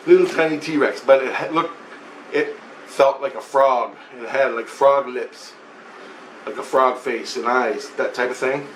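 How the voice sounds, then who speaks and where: A man rambles through a personal story in an animated, repetitive way, his voice at an everyday middle pitch. The room around him is roomy and echoey, with a faint ambient hum. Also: a little slow. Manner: rambling, animated, repeats himself. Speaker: vlogger. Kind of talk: casual spoken account.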